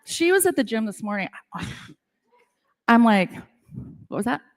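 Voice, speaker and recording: Taking her time, a middle-aged woman with a slightly high voice makes big pitch swings as she speaks at a women's business event. She tells a live conference-room audience chatty, self-deprecating stories full of "like," and a hall's long reverb hangs on the recording.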